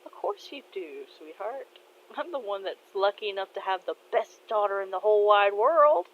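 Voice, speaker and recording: A woman voicing a soft-hearted, tearful father who talks to his daughter in a tender, soothing way. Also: medium pitch, lively intonation, moderate pace, phone-quality sound, lightly acted.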